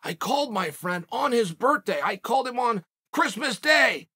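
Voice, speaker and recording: A man's voice: extremely high pitch, lively intonation, moderate pace, sharp tone, slightly rough. A man hosting a sports podcast, giving a casual commentary monologue with emphatic, punchy rhetorical delivery. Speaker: MMA podcast host.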